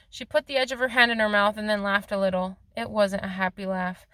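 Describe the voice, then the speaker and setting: A woman's voice: mid-range voice, steady tone, a little fast, hardly any pauses, bright, forceful tone, dry recording. A woman reading a novel aloud in a plain voice, with occasional slips and restarts. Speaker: reader of a novel.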